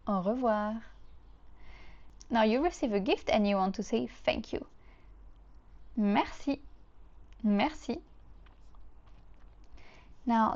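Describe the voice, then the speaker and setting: A woman teaching children, speaking clearly and patiently and repeating each word for the learners to copy. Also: on the high side, a little mellow, muffled recording. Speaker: French teacher. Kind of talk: slow, clear lesson for children.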